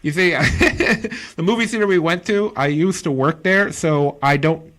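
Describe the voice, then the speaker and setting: A man's voice: fairly high pitch, unhurried, fairly bright tone. A man hosting a casual movie podcast as a comedian, loose and chatty, laughing often. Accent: Pittsburgh.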